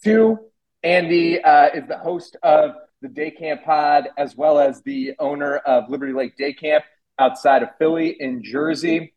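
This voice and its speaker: A young man hosting a podcast. He is excitable and swears a lot, and his speech is full of fillers. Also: on the high side, unhurried, dull audio. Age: young adult. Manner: excitable and profane, hedges with fillers. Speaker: podcast host. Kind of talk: casual podcast conversation.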